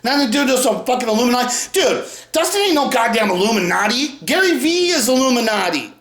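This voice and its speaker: A man delivering an angry, profane rant to his critics, swearing constantly and bursting into shouts. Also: extremely high pitch, very animated, fast talker, reverberant. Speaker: commentary video creator.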